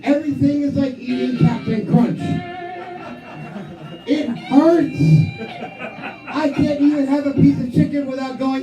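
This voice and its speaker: A man in his thirties doing a crude, self-mocking stand-up set with heavy swearing, often breaking into loud acted-out quotes of himself. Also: very high voice, steady tone, measured pace, vocal fry, pauses often. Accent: New England. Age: 30s. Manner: acts out his own voice in loud quoted asides. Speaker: stand-up comic. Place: small comedy club stage. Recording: roomy club sound from a distance. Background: live music and crowd.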